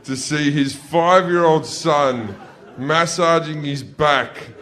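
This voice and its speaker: An Australian stand-up comedian spinning rude childhood stories on stage. His voice sits a little high for a man, and he tells it loose and profane, with sudden yelled bits where he plays his family. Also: slow pace. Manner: profane, loose, jumps into loud yelled impressions. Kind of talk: stand-up storytelling. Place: stage before a laughing audience.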